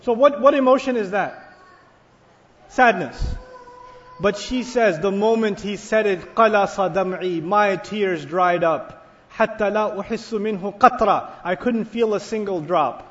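A man delivers a sermon in a large mosque hall. His voice sits very high and he keeps the crowd engaged with questions and acted-out quotes. The live recording is dull and lo-fi, with a long reverb trailing each phrase. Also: fast talker. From United States. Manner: animated, asks the audience questions and acts out quoted speech. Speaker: Islamic scholar and preacher. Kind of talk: sermon to a packed mosque audience.

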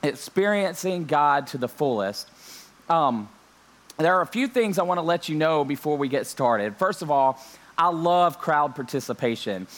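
Joking young pastor preaching online. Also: male voice, fairly high pitch. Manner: joking, lively preaching with many amens. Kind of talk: online church sermon intro. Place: home during lockdown.

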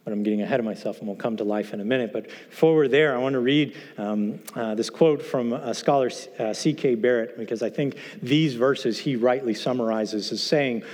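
A man giving a sermon in a conversational way, asking his congregation questions and slowing down to stress key points. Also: medium pitch, darkish tone. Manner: conversational, asks the congregation, slows for emphasis. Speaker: pastor. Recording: reverberant hall.

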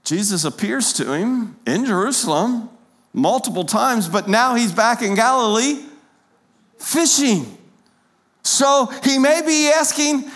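A man's voice: very high voice, lively intonation, takes it slowly, fairly bright tone. A pastor preaching a sermon in a church, talking conversationally and putting rhetorical questions to his congregation. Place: church sanctuary with pews.

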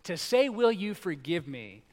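A middle-aged male pastor preaching a sermon in a conversational, animated way, acting out little quoted lines. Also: high voice, a little slow. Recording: long reverb in a large hall.

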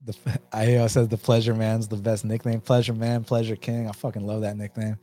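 Host, male, Atlanta accent, low-pitched, loose and chatty, swears freely while answering chat. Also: little pitch movement, a little fast, warm tone. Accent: Atlanta, Southern US. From United States. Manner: laid-back, swears, laughs often, reads comments aloud. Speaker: livestream host reading chat. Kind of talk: casual chat.

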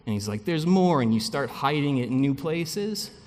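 A man giving a sermon as pastor, speaking in a conversational, animated way with frequent asides. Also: medium pitch, moderate pace, big-room sound.

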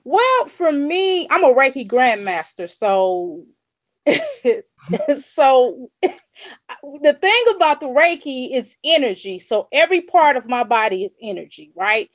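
High, giggly woman, slow and lively. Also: no room sound. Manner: amused, giggly. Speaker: Reiki practitioner, panel guest. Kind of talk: candid panel discussion.

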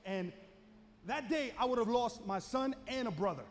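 A man's voice: very high-pitched, normal speed, a little hiss or hum. A male pastor preaching a dramatic storytelling sermon in a church. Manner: dramatic, animated storyteller who builds to shouting. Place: church sanctuary. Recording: echoey church hall with long reverb.

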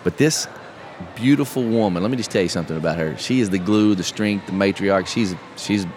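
A middle-aged man, a podcast host telling a story in casual, animated chat. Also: fairly low pitch, fairly quick. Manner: animated storyteller, calls listener bro. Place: live podcast event. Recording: live event, faint noise behind.

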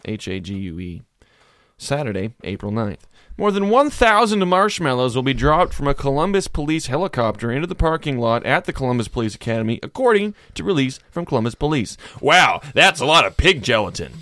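Wry, lively-voiced man reading news. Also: mid-range voice, brisk, no room sound, studio quality. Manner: wry and sarcastic, swears, breaks into goofy voices. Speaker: podcast co-host. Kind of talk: casual comedic chat, reading news articles aloud.

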